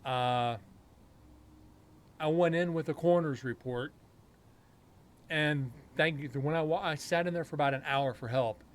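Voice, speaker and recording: Rambling man telling a story, slightly high voice. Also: a little slow, long pauses. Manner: rambling storytelling with frequent self-corrections. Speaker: paranormal show host. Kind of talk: casual live-stream chat.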